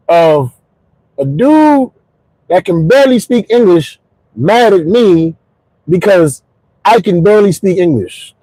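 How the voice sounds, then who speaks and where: A comedian in his forties hosts his podcast from his car on the drive home, delivering a stand-up storytelling monologue with punchy, shouted punchlines. His voice is high-pitched and sing-song at a measured pace. The recording has no echo but is low quality.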